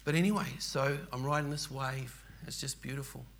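A man's voice: mid-range voice, steady tone, a little fast, gravelly, a bit bright. An older man with an Australian accent, telling a personal story in an earnest, rambling, emphatic way. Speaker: churchgoer telling his story.

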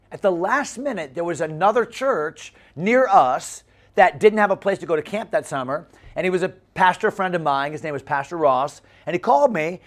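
A man from the United States, a pastor preaching a funny story sermon and repeating phrases for effect. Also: sits high. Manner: animated, comic, repeats phrases.

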